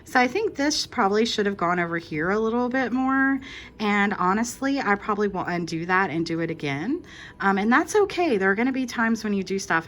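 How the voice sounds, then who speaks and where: A woman's voice: medium pitch, fairly bright tone, a little hiss or hum. A woman hosting a casual crochet tutorial, walking through each step in a chatty, reassuring way and correcting herself as she goes.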